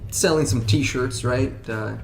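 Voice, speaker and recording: A man's voice: medium pitch, takes it slowly, vocal fry. A man, a rock band member, chatting in an interview, rambling with many restarts and fillers. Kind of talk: casual interview chat. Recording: roomy sound with background music.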